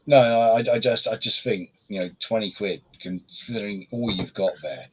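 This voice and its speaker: A man's voice: lowish voice, moderate pace, slightly rough, poor audio. A man co-hosting a casual beer review chat, rambling with lots of fillers and restarts.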